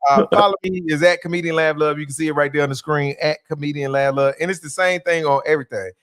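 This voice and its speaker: A man's voice: a little high, steady tone, fast, fairly bright tone, smooth, dry recording, studio quality. A man, a comedian guest chatting casually on a podcast with lots of fillers and jokes. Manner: laid-back, joking, many fillers.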